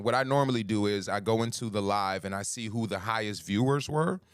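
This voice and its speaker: A man hosting a livestream as a life coach, greeting viewers by name and talking slowly and emphatically, repeating his key phrases. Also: lowish voice, fairly bright tone, clear, resonant tone, no room sound, studio quality. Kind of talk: motivational livestream talk.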